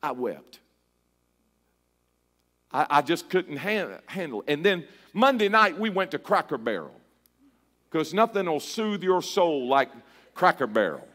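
High-voiced middle-aged male pastor preaching. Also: very animated, unhurried, pauses often. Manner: hushed storytelling that builds to a fervent, half-sung shout. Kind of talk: sermon. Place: church.

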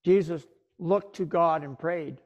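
A middle-aged man pastor preaching a sermon, retelling scripture dramatically with big swings in pitch and careful pauses. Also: muffled recording.

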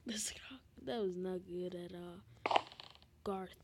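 Slow-talking giggly woman gamer. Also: on the low side, heavy background noise. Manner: giggly and flustered, many fillers. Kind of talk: gameplay commentary.

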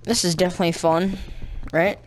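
A man's voice: sits high, flat delivery, fairly quick. A man giving casual let's-play commentary as a gaming channel host, rambling playfully, mocking himself and adding silly sound effects.

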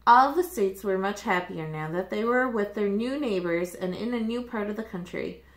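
A woman reading a children's picture book aloud with animated, expressive storytelling, in the manner of a teacher. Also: medium pitch, normal speed. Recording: roomy echo.

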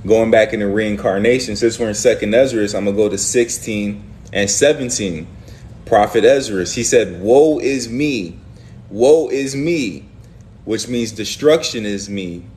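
A man's voice: fairly low pitch, moderate pace, darkish tone, slight background noise. Emphatic, slangy man leading scripture talk. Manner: emphatic, slangy, acts out prophets' words. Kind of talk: animated Bible study discussion.

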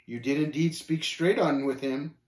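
A man reading aloud and voicing a sober, measured male pilgrim who speaks with quiet knowing. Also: on the high side, steady tone, reverberant, natural voice. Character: grave, wise older male Christian companion.

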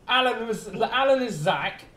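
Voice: medium pitch, animated, a little slow, bright, forceful tone. A streamer in casual gaming banter who jokes and laughs a lot. The voice swings up and down freely, and the room rings with echo. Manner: jokey, laughs often. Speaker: streamer playing a train game with friends.

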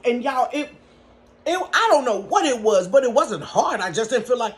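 Animated laughing woman telling a storytime. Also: fairly high pitch, moderate pace. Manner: animated, laughing, dramatic asides to viewers. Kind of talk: casual storytime. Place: her bedroom.

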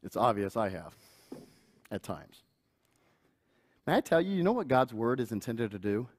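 A middle-aged man, the pastor, preaching a sermon earnestly, with playful asides and chuckles and acting out family members in a higher voice. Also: sing-song, fast. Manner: acts out quoted family voices in higher pitch.

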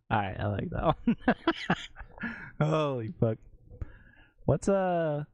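Giggly young man streaming, slow and lively. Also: fairly high pitch, slight background noise. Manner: giggly, laughs often, talks to himself. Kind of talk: casual live-stream chat.

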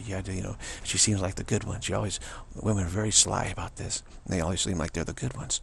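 A man speaking in a rambling monologue with a gravelly, raspy voice, stumbling through restarts and acting out quoted voices. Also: sits low, fairly even intonation, fast, a bit bright, slight background noise. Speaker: spiritual speaker.

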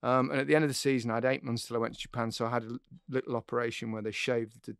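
A middle-aged man co-hosting a sports podcast, recounting a story in a relaxed, self-mocking way. His voice has a gravelly, creaky edge, and it is recorded close up in a dry, dead room. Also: mid-range voice, very fast, no room sound. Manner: chatty and self-mocking, laughs while telling a story. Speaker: podcast co-host, former footballer. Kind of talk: casual anecdote-telling chat.

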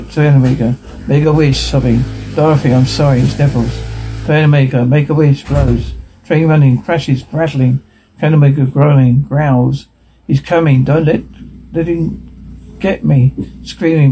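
A man reading a television episode transcript aloud, dialogue and sound cues alike, in one steady voice. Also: on the high side, rough recording.

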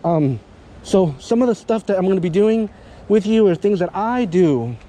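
High-voiced, animated male dog trainer. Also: moderate pace. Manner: animated, keeps checking in with "yeah?"; self-described very dramatic. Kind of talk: hands-on training instruction. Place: dog kennel and training yard.

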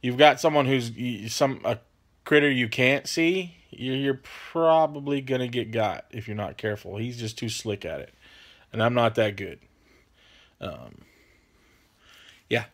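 Answering viewer questions on his relaxed vlog, this drawling host rambles, trails off, says "man" constantly and keeps apologizing. His mid-range voice moves a little slowly, with frequent pauses.

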